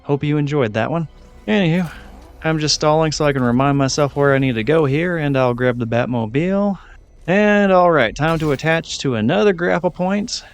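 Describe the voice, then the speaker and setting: A man's voice: fairly high pitch, normal speed, clear, resonant tone, soft background music. A man giving casual, chatty commentary over his gameplay, rambling and self-deprecating. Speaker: gaming channel host.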